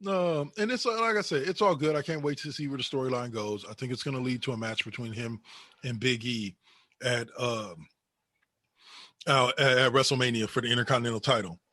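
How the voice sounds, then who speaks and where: A man co-hosting a wrestling podcast in casual chat, animated and slangy, often calling people bro or brother. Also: medium pitch, brisk, no room sound, clean studio sound. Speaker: podcast co-host.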